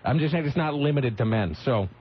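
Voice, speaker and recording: A man's voice: mid-range voice, animated, fairly quick, husky. A man hosting a radio show from the studio, telling stories in a rambling way that keeps interrupting and correcting itself. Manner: rambling, self-interrupting storyteller. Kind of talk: morning radio banter and storytelling. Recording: slightly muffled radio broadcast, faint noise.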